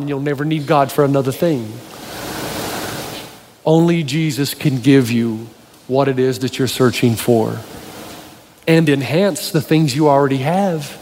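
A man's voice: fairly high pitch, slight background noise. A male pastor preaching a sermon to a live audience, telling stories and speaking to the crowd directly. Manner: storytelling preacher, animated, addresses the audience directly. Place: church hall with a live audience. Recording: reverberant hall, faint ambience.

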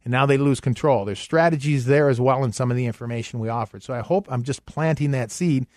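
Man hosting a finance radio show, upbeat sales pitch, dry close mic. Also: darkish tone, no room sound. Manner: upbeat pitch, repeats phone number slowly.

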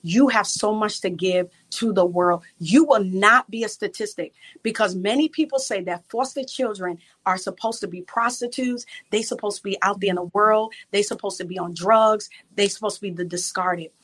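A woman's voice: mid-range voice, moderate pace, few pauses, fairly bright tone, husky. A woman from New York in her thirties or forties, giving a fervent, preacherly testimony as a podcast guest. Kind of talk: testimony in an interview.

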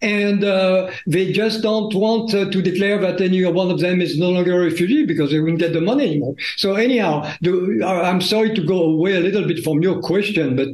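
A man from France with a French accent, a reporter giving deliberate, explanatory answers as a guest in an interview. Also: high voice, darkish tone, roomy sound, poor audio.

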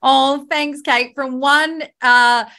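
A woman's voice: high voice, steady tone, slow, bright, forceful tone. Woman, thirties, podcast host, candid casual chat, swears freely, lots of fillers.

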